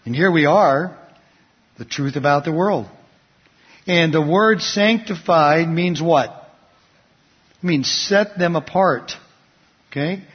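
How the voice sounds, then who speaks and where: A man with a somewhat high, breathy voice preaches a sermon in an easy, conversational way, asking his listeners questions and sharing stories. The sound is muffled and lo-fi, with a long hall echo behind him. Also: slow, long pauses. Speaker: pastor. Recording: dull lo-fi recording in a reverberant hall.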